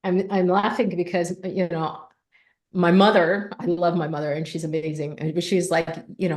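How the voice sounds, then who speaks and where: A woman's voice: fairly low pitch, moderate pace. A woman guest on an interview show, a business coach telling stories and acting out what people said. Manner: animated storytelling, acts out quoted voices. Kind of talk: conversational interview. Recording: echoey room.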